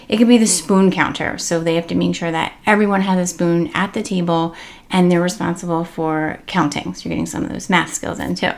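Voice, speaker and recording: A woman's voice: on the low side, creaky. A woman giving casual, chatty parenting tips as the host of a tip series, with many fillers and upbeat emphasis. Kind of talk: casual instructional talk to camera.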